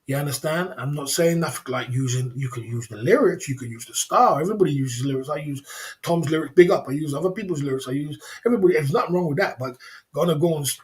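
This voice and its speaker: A man's voice: on the high side, fast talker. A man hosting a livestream, lecturing his chat in a repetitive, emphatic way and chuckling between points. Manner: repetitive, emphatic, chuckling between points, keeps asking "you know what I mean". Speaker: livestream host. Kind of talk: casual livestream rant.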